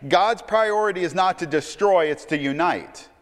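A male pastor preaching a sermon, swinging between loud emphatic stretches and quiet low asides, often repeating words as he starts a sentence. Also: normal speed, long reverb tail.

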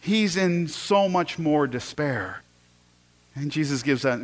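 Male pastor, fairly high voice, storytelling sermon, builds excitement then drops to a hush. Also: slow. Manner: storytelling, swings from loud excitement to hushed asides, repeats words.

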